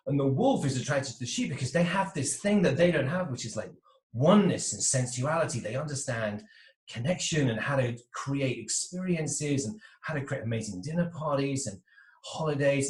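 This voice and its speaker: A man in an interview explains relationships with a very lively, rising and falling voice, now and then acting out the people he talks about. His voice sits in a middle register and carries a roomy echo, as if he speaks into a video call from a bare room. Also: mid-range voice, fairly quick, recorded from a distance. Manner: animated, acts out little voices of quoted types. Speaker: interview guest, relationship coach.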